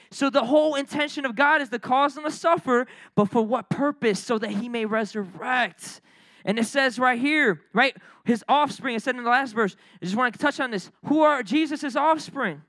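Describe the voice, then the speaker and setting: A young adult man preaching a sermon in an energetic, conversational way, full of slang and quick asides. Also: extremely high pitch, dry recording. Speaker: pastor.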